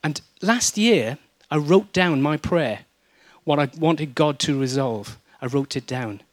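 A man's voice: on the high side, takes it slowly, no room sound. A middle-aged man from South Wales with a Welsh accent, preaching a sermon and telling stories with humor and mimicry. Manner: lively storytelling with mimicry and humor.

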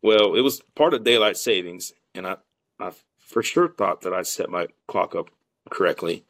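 A man with a drawl and a fairly low voice tells his hunting mishaps in a lively, rambling way, stumbling over restarts and acting out what everyone said. The recording is dry and close, with no room sound. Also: normal speed, no echo. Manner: animated storyteller who acts out quotes, with many restarts. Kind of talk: casual hunting podcast storytelling.

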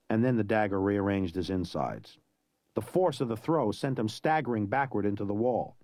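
A man narrating a story in an expressive, dramatic way. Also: on the low side, moderate pace, dry recording. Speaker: audiobook narrator.

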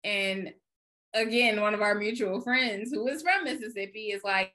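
A woman co-host in casual conversation about television. She is emphatic and teasing, cuts in often, and speaks at a mid pitch. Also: pushed and bright. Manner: emphatic, teasing, quick to interject. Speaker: podcast co-host. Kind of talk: casual chat about TV shows.

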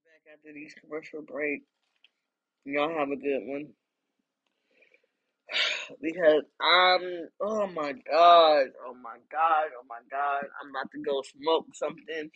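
A woman hosting her own podcast, ranting in a heated, profane, casual monologue and swearing constantly, sometimes nearly shouting. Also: deep voice, muffled recording. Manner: raises voice to near shouting. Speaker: podcast host.

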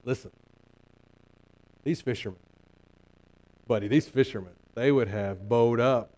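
A man's voice: mid-range voice, measured pace, long pauses, mellow, low-quality recording. A male pastor preaching a sermon earnestly, building emphasis through repeated phrases and frequent restarts.

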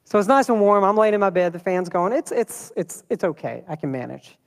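A man preaching a sermon in a church, talking in a lively, conversational way and throwing rhetorical questions at the congregation. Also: high-pitched, brisk, creaky, in a large hall. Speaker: pastor.

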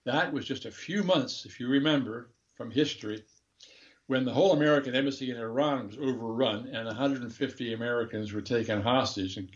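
Speaking fairly quickly in a mid-range voice, an older ex-diplomat rambles candidly through a story in a relaxed interview, often chuckling and correcting himself. The recording sounds muffled.

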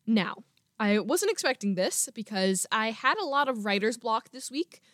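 High-voiced excitable woman podcast host. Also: dry recording, studio quality. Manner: excitable and playfully self-mocking. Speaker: student. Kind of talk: chatty podcast talk with a story reading.

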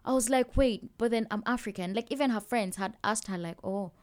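A woman's voice: on the high side, brisk, a little mellow. A young woman with a Kenyan accent talking openly about her own experiences in a casual podcast chat. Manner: open, personal, laughs while telling stories.

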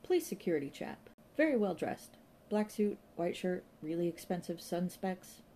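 A woman's voice: fairly low pitch, expressive, moderate pace, dark tone, a little hiss or hum, natural voice. A woman reading an audiobook voices a chatty, flirtatious female museum shop receptionist who talks in a gossipy, breezy, naive way.

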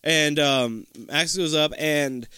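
A man co-hosting a podcast, casually recapping a TV episode in an animated way and acting out the characters' lines. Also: a little high, clean tone, no room sound, studio quality. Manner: animated, acts out characters' lines in quick voices. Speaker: podcast co-host.

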